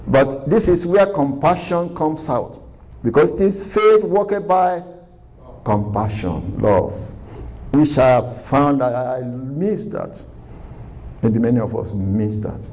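Mellow-voiced man preaching a sermon. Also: medium pitch, expressive, slow pace, poor audio. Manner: earnest, repeats phrases for emphasis.

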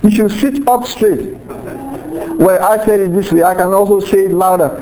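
Conversational male preacher, mellow tone. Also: high-pitched, normal speed, rough recording. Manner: conversational preaching with acted-out quotes. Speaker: pastor. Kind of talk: sermon.

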